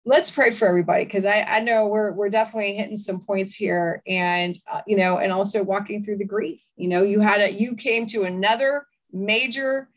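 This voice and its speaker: A woman's voice: medium pitch, fairly even intonation, fairly quick, hardly any pauses. Woman hosting a faith podcast, prays over listeners, encouraging declarations. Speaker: podcast host. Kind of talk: podcast talk and prayer. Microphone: podcast mic.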